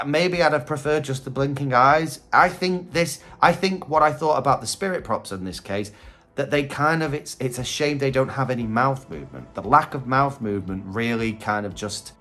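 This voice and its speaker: Animated man reacting to Halloween props. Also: mid-range voice, moderate pace, faint music behind. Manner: chatty, thinking aloud, lively and candid. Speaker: Halloween prop reviewer. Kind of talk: casual reaction commentary.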